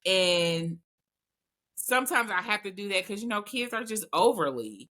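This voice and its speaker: A woman's voice: mid-range voice, normal speed. A woman hosting a casual group chat, telling stories candidly and voicing her own asides. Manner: candid, animated storytelling with voiced asides.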